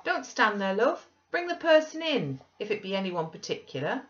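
A woman voicing a fastidious young gentleman who speaks crossly and primly. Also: sits low, animated. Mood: startled. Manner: crisp and peevish. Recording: dull lo-fi recording.

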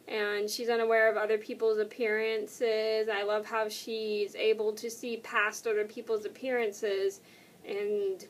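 Chatty high-voiced young woman vlogger. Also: fairly bright tone. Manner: rambling, self-correcting, chatty. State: tired and yawning. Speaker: YouTuber. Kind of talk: casual vlog answering tag questions.

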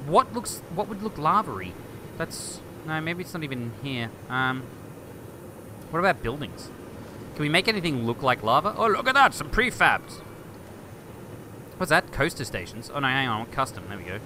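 A man hosting a game video, thinking aloud and getting excited as he chats to objects on screen. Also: a little high, normal speed, pauses often, background noise. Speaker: gaming video host. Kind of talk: let's play commentary.

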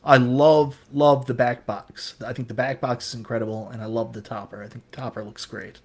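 A man with a strong Newfoundland accent chats casually as a co-host on a hobby podcast. He talks in an easygoing, joking way and pokes fun at himself. His voice sits at a middling pitch. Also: level tone, fairly quick, a little mellow. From Newfoundland, Canada. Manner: chatty, joking, self-deprecating.

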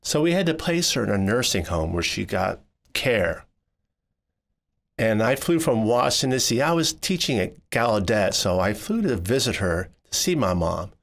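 A man narrating a personal story in the first person, voicing it expressively and jumping higher when he quotes people. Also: normal speed, vocal fry. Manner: expressive, jumps high when quoting people.

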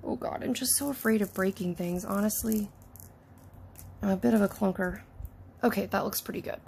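Woman, toy unboxer: excitable, gushing, slips into whispers, gravelly fry, mid pitch. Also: normal speed, a little hiss or hum. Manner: gushing, excitable, talks to the toys, drops into soft whispers. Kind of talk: casual unboxing chat.

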